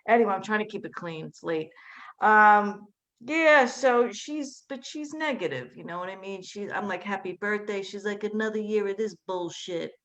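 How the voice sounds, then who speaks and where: A woman working through a stand-up set in a chatty, rambling way. Her pitch sits in the middle of the range, and she drops into flat, lower tones whenever she mimics relatives. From Staten Island, New York. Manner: chatty, quick asides, mimics family in a flat low voice. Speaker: stand-up comedian.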